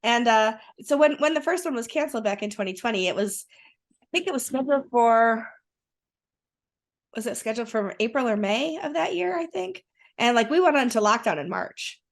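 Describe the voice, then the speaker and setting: Excited talkative woman, fairly high voice. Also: a little fast. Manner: enthusiastic, rambling with restarts. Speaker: guest. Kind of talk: casual conversation.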